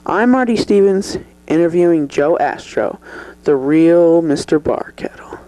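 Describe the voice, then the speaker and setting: A performer playing a male talk show host who introduces and interviews a guest, halting with fillers. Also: mid-range voice, lively intonation, warm tone, lightly acted, poor audio. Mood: formal. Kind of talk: mock interview skit.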